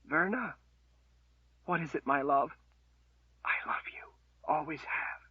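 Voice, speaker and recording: A man voicing a dying young male wizard, speaking in a faint, breathy whisper over a tinny phone-like line. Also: fairly high pitch, takes it slowly, no room sound, pitched above the performer's own voice, exaggerated voice. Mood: faint tender.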